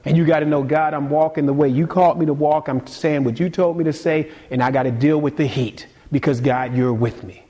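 A man delivering a sermon with a fairly high voice. He talks casually and stumbles over repeated words, then climbs into sudden emphatic peaks before dropping back down low. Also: fairly even intonation, a little fast, hardly any pauses. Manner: dynamic preaching, swings between quiet and emphatic. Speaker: pastor.

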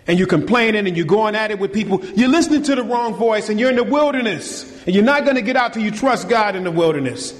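A man preaching a sermon to his congregation, animated and colloquial, firing rhetorical questions and calling them y'all. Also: high voice, fast, hardly any pauses, long reverb tail. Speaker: pastor. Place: church.

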